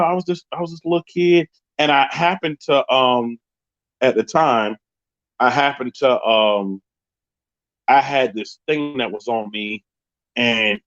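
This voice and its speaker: A man's voice: mid-range voice, no room sound, highs cut off. A man, telling a story on a live stream and acting out the other people's voices. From Queens, New York. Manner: animated, acts out the voices of people in his story. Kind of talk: casual storytelling on a livestream.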